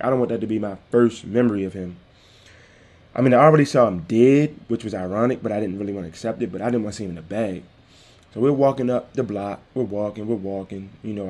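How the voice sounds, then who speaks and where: A man hosts a podcast in a personal tribute monologue. His voice is low and mellow, and he speaks with a heartfelt, repetitive, preacher-like cadence. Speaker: podcast host.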